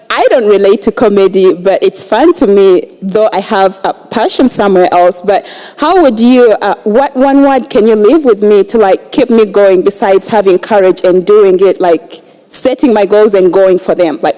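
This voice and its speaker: A young Ugandan woman in the audience, asking a question in an excited, gushing way with many fillers. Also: medium pitch, moderate pace, in a large hall, poor audio.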